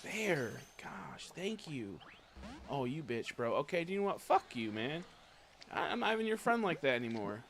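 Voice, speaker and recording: A young man streaming a video game in casual chat, swearing a lot and swinging from low mumbles to loud frustrated outbursts. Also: big pitch swings, brisk, slight background noise. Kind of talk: casual gaming livestream chat.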